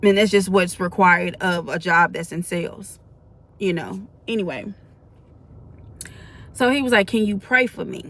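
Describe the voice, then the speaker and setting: A woman's voice: lowish voice, a little slow, pauses often, fairly bright tone. A woman in her forties gives a spoken faith testimony. She talks in a colloquial, earnest way that builds into preaching. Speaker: faith vlogger.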